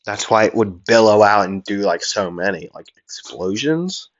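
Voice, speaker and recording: A man's voice: lowish voice, lively intonation, normal speed. A man improvising a fan-fiction fight story, rambling with hesitations and mouthed sound effects. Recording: dull lo-fi audio.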